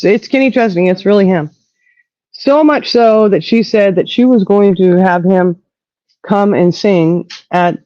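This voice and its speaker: Woman ranting on a live chat, dark mellow voice, dry dull sound. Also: lowish voice, dry recording. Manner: indignant, animated, swears freely. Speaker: host. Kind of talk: casual live-stream talk.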